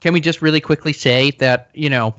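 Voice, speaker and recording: A man co-hosting a casual wrestling chat, opinionated and quick to cut in with his own points. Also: fairly high pitch, steady tone, a bit bright, dull audio. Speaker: podcast co-host.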